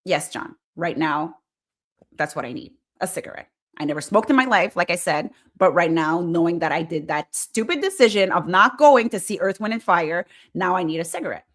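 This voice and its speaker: A woman hosting a casual live stream, chatting excitably and reading viewer comments aloud. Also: fairly low pitch, moderate pace. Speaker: host. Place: Montreal.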